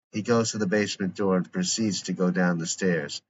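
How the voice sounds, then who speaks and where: A man's voice: deep voice, steady tone, brisk. A man narrating a script aloud, reading stage directions and scene headings plainly. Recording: muffled lo-fi with faint hiss.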